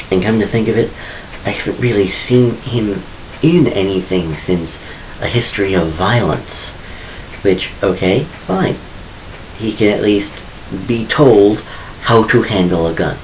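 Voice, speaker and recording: Low-voiced man chatting casually. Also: a little mellow, a little hiss or hum, low-quality recording. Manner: chatty, opinionated, wry asides. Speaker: author vlogger. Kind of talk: casual vlog talk.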